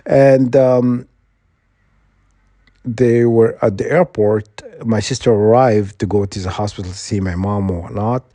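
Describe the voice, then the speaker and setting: A man's voice: lowish voice, steady tone, unhurried, mellow, dry recording. A middle-aged man vlogging, telling a long story in a meandering, self-correcting way, getting indignant and laughing at his own tale. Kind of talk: rambling casual storytelling.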